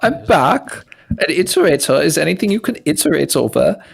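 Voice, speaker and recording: A man reading chat messages aloud in an over-the-top put-on German accent, gravelly and breathy. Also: a little high, sing-song, brisk, pitched above the performer's own voice, heavily acted. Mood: mocking.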